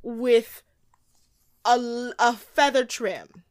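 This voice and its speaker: A woman's voice: on the high side, very slow, dry recording, clean studio sound. A woman co-hosting a podcast, chatting casually and snarkily about a movie, laughing often. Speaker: podcast co-host recapping a movie. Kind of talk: casual chat.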